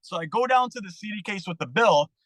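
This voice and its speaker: A man telling his story as a podcast guest in a candid, profane, animated way. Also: high voice, brisk, dry recording, rough recording. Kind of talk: casual storytelling interview.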